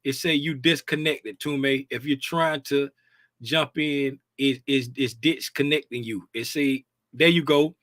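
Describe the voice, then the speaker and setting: A man's voice: mid-range voice, fairly even intonation, unhurried, fairly bright tone, dry recording, clean studio sound. Chatty man hosting a livestream. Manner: chatty, repetitive, drawling, sing-song asides. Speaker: livestream host. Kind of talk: casual livestream chat.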